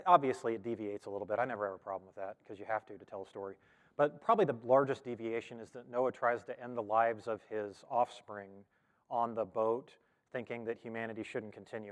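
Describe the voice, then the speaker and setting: A man, a pastor, teaching a Bible study in a loose, conversational way, full of ums and self-corrections. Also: mid-range voice. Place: church hall. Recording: long reverb of a large hall.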